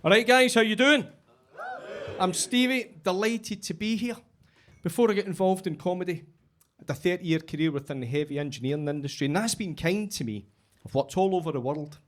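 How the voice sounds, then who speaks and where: A middle-aged comedian from Scotland performs stand-up in a high, fairly quick, slightly bright voice. He tells his stories dryly and lands punchy punchlines.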